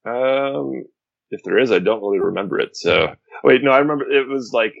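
A man co-hosting a casual gaming chat, relaxed and hesitant, with many fillers. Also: mid-range voice, a little fast, vocal fry, dry recording, lo-fi sound.

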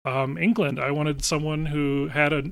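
A man's voice: fairly high pitch, flat delivery, moderate pace, vocal fry, no echo, clean studio sound. A man who writes and makes an audio drama, talking casually and enthusiastically in a podcast interview. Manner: chatty, enthusiastic, with frequent ums and laughs.

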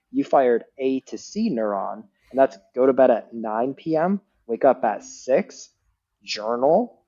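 A man's voice: medium pitch, gravelly, slightly rough, highs cut off. A man speaking as a guest neuroscientist in a casual podcast chat, explaining ideas like a teacher and often checking in with "right?". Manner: animated teacher, frequent "like" and "right?".

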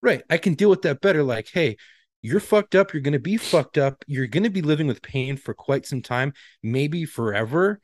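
A man's voice: a little high, lively intonation, moderate pace, dry recording. A man in his thirties, co-hosting a casual podcast, telling blunt, profane stories about his pain and his doctors. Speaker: podcast co-host. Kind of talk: casual chat.

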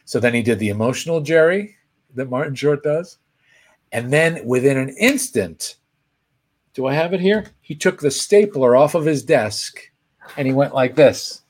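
Animated male storyteller, mid-pitched. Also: normal speed, husky. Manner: animated storyteller, pitch leaping when excited. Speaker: host. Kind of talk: casual anecdote telling.

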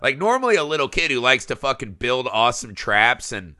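A man in his thirties co-hosting a casual movie podcast, animated and profane, acting out quotes with big jumps in his voice. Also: mid-range voice, brisk, no echo, studio quality. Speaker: podcast co-host.

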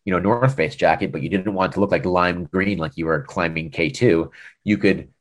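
A man's voice: low voice, a little fast. An American man, a former e-commerce director, telling a business story in a casual interview and acting out the dialogue as he goes. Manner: animated storyteller, acts out quoted dialogue.

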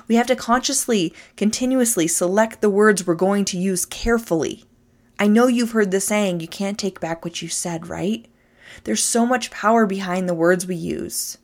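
Woman, motivational speaker, emphatic and animated, mid-pitched, talks straight at the listener. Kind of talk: motivational talk to camera.

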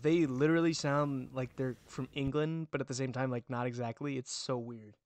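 A man's voice: medium pitch, fairly even intonation, moderate pace, a little mellow. Male podcast co-host, mid-range voice, jokey, lots of "like". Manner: loose, joking, filler-heavy. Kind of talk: casual chat.

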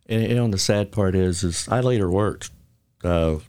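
Guy host chatting, low voice, kinda halting as he remembers stuff. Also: a little mellow, clear, resonant tone. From Macon, Georgia area. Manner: reminiscing, halting with restarts. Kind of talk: casual interview chat.

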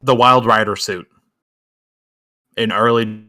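A man co-hosting a podcast in casual chat, animated and joking, often slipping into quick impressions. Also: fairly low pitch. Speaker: podcast co-host.

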